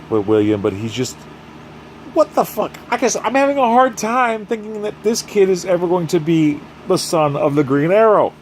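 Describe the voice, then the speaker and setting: A man's voice: fairly high pitch, a little hiss or hum. Sarcastic, profane male episode reviewer. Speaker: YouTube show reviewer. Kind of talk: casual comedic episode recap.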